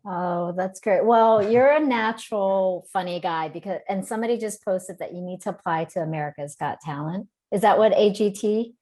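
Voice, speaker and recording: A woman's voice: medium pitch, normal speed, few pauses, warm tone. A woman hosting and interviewing a guest over a video call, asking friendly questions and laughing often. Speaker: event host and interviewer. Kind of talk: casual interview.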